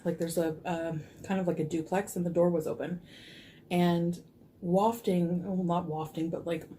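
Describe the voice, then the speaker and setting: A woman's voice: on the low side, mellow, slight background noise. A woman telling a casual storytime in a rambling way, full of fillers. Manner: rambling, frequent fillers, laughs easily.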